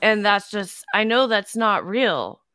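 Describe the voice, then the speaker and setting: A woman with a bright, crisp and smooth voice, speaking candidly in a casual heart-to-heart chat. The sound is dry and close to the mic. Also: mid-range voice, big pitch swings, slow, dry recording. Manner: open, candid, laughs easily. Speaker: show host.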